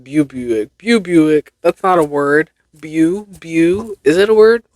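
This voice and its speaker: A woman's voice: sits low, takes it slowly, darkish tone, dry recording. A young woman hosting a casual solo podcast, reading tongue twisters aloud and laughing at her own stumbles. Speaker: podcast host.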